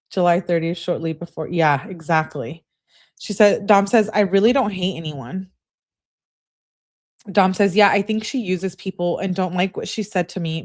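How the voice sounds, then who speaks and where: A woman hosting a true-crime channel, reading a couple's text messages aloud in a casual way and breaking off for quick remarks of her own. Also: lowish voice, a little mellow. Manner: reads texts aloud, breaks off with quick asides. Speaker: host reading case evidence.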